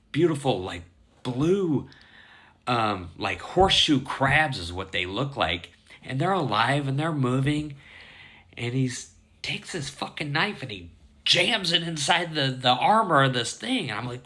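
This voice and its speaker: A man casually retelling a strange dream, swearing often and sounding indignant as he tells it. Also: mid-range voice. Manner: heavy swearing, animated and indignant. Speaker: storyteller.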